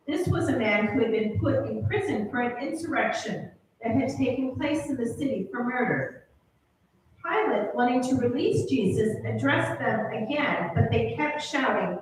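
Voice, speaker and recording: A woman's voice: fairly high pitch, animated, a little slow, a little hiss or hum. A woman solemnly reading a scripture passage aloud during a church service. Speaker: scripture reader. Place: large church sanctuary. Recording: echoey church from far off.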